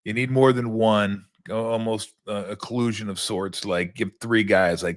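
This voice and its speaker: An older man hosts a sports talk show in a loose, rambling monologue, tossing in profane and sarcastic asides. His voice sits on the low side. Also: moderate pace, hardly any pauses, a bit bright.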